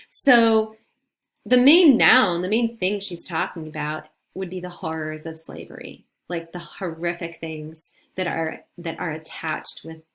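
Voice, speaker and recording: Encouraging woman teacher, lowish voice. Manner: conversational, encouraging, repeats and restarts phrases. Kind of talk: recorded video lesson.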